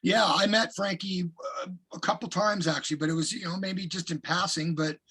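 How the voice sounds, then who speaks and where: Casting: husky middle-aged man, relaxed interview guest, lively anecdotes, slightly high voice. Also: fairly quick. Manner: animated anecdotes with profanity. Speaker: guest singer. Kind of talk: casual interview storytelling.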